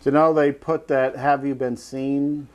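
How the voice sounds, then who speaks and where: A man's voice: medium pitch, flat delivery, a little slow, highs cut off. A middle-aged man co-hosting a casual talk show, teasing and chuckling through the banter. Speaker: co-host. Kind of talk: casual chat.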